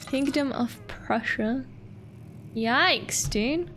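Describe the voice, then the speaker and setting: Young woman streamer, high pitched, unhurried, playful and sweary, chats with viewers. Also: sing-song, a bit bright, slight background noise. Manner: playful, sweary, giggly, talks to chat. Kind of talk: casual gameplay commentary.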